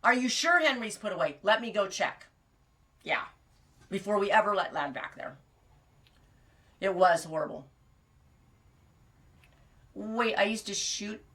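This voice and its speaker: Woman host, bright-toned, rambling chatty livestream storyteller on a ranch. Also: fairly high pitch. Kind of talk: casual livestream chat with viewers.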